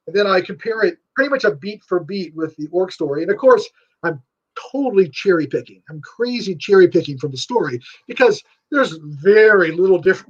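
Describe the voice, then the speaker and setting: A man with a fairly high voice rambles through an eager interview answer, full of fillers and sudden jumps in emphasis. The sound is dull and lo-fi. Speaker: guest writer. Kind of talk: enthusiastic casual interview chat.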